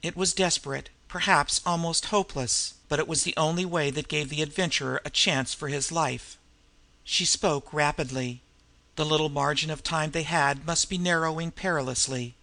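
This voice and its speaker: A man reading a novel aloud as audiobook narration, measured and expressive. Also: on the high side. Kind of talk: scripted narration.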